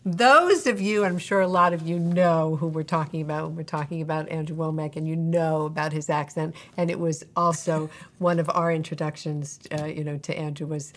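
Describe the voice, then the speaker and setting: A woman's voice: sits low, steady tone, moderate pace, few pauses. A middle-aged woman hosting an interview, prompting her guest and affirming with short acknowledgements. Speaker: host.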